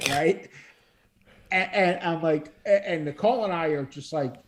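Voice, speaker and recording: A man's voice: fairly high pitch, measured pace. A man co-hosting a podcast, telling rambling stories in casual chat and laughing often. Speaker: podcast co-host.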